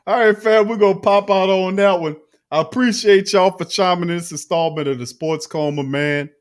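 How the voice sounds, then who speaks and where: A man's voice: sits high, normal speed. A man hosting a casual sports talk show, laid-back and teasing. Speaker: host.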